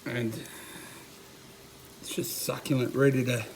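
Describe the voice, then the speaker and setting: A man's voice: medium pitch, level tone, a little slow, noisy background. A middle-aged Australian man, a chef, giving an enthusiastic casual cooking demonstration in his backyard and repeating his catchphrases. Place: backyard at home beside a smoker.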